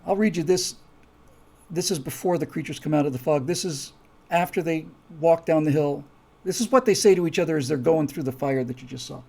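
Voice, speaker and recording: A man's voice: a little high, fairly quick, creaky, warm tone, husky. A man hosting a live stream, talking casually and rambling with many restarts and asides. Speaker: host.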